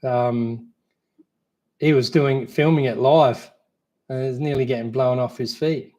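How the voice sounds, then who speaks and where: A man's voice: medium pitch, fairly even intonation, measured pace, mellow. An Australian man co-hosting a casual live Q&A, talking in a rambling, easygoing way full of fillers and restarts. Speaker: co-host.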